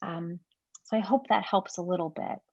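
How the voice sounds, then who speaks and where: A woman parenting coach speaks in a gentle, earnest way, often doubling words as she gathers her thoughts. Her voice comes through a dull, lo-fi remote line. The sound is dry, with no echo. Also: on the low side, normal speed. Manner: earnest, gentle, repeats words while thinking. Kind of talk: reflective advice-giving conversation. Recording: dry, dull lo-fi call audio.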